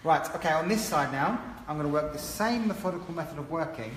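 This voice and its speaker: A man's voice: on the high side, lively intonation, quick pace, a bit bright, slight background noise. A man giving a chatty, encouraging live-streamed haircut tutorial, explaining each step as a hairdressing educator. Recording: roomy echo with long reverb and faint ambience.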